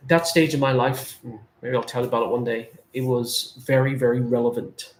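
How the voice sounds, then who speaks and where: Earnest male life guide in his forties, mid-pitched, speaks directly to viewers with repeated phrases. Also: steady tone, brisk, few pauses. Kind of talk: spiritual talk to viewers.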